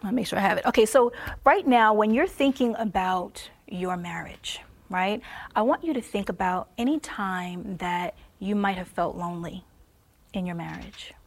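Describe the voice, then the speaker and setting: A woman giving a Christian testimony sermon on marriage. She laughs often and drops to a soft near-whisper for emphasis. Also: medium pitch, moderate pace.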